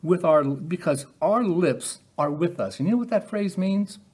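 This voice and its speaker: A man's voice: sits high, expressive, unhurried, a little mellow, breathy edge. A man preaching a sermon in a conversational way, often putting rhetorical questions to his listeners.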